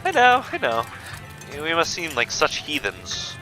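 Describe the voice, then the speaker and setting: A man's voice: a little high, huge pitch swings, unhurried, pushed and bright, soft background music, pitched above the performer's own voice, full character voice, low-quality recording. Brief: male streamer voicing a friendly, talkative small-town guide, breezy and teasing. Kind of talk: reading a game character's lines.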